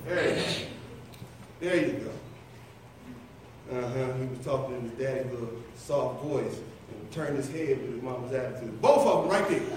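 A man's voice: mid-range voice, normal speed, a little mellow, a little hiss or hum. A middle-aged man preaching a conversational sermon, playfully teasing and calling on listeners by name. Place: church sanctuary. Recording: echoey church from far off.

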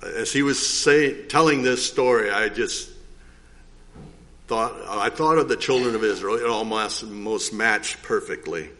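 Older man, lowish voice, rambling folksy church testimony with throat clearing. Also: a little slow, fairly bright tone. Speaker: church member giving testimony. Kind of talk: informal testimony.

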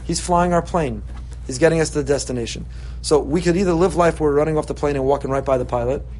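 A man's voice: on the high side, fast, a little mellow, a little hiss or hum. A man giving an impassioned Torah sermon, repeating phrases for emphasis and weaving in Hebrew terms. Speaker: rabbi giving a Torah talk.

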